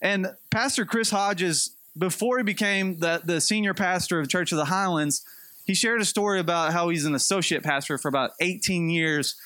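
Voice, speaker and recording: High-voiced pastor preaching conversationally. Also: male voice, moderate pace, no echo. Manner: conversational, animated storytelling with light humor. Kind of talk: sermon.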